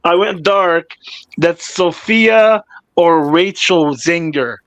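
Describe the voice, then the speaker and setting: Man, fairly high voice, rambling casual chat, laughs a lot, dry close sound. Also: slow pace, fairly bright tone, no echo, rough recording.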